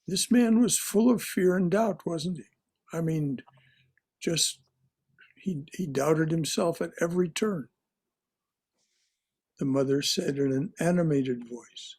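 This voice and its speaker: A man teaching a religious class, reading stories aloud slowly and deliberately and stopping to comment on them. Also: on the high side, a little mellow, slightly rough. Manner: slow, deliberate reading with repetitions and restarts. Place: online class.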